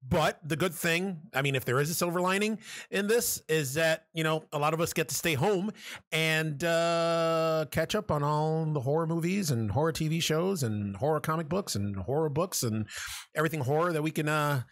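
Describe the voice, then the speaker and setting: A man's voice: on the high side, moderate pace, a bit bright, no room sound. Joking male podcast host, dry close sound. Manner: loose and joking, with many fillers. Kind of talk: casual podcast chat.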